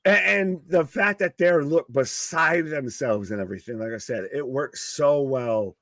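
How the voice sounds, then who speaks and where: Fired-up guy on a wrestling stream, cusses a lot, kinda high voice, dry close sound. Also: measured pace, dry recording. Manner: excitable, swears freely, repeats himself for emphasis. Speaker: co-host of a wrestling watch-along stream. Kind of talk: live alternative commentary chat.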